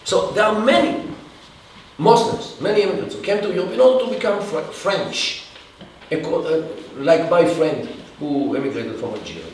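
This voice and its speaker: A man answering an audience question in a halting lecture style, with many restarts and pauses. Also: on the high side. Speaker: guest speaker. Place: event hall. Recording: echoey room from far off, faint hiss.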